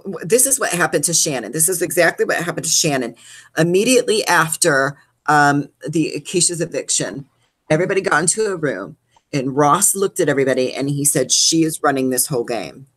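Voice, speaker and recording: A woman co-hosting a reality show recap, ranting casually with sassy, profane swings in pitch. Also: a bit bright. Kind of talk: casual rant.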